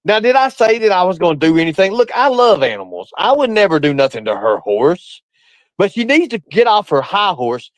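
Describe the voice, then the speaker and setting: High, lively-voiced man from ranting. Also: brisk, no echo, poor audio. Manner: blunt, profane, defensive, repeats himself for emphasis. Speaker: guest caller on a live stream. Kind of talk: ranting casual chat.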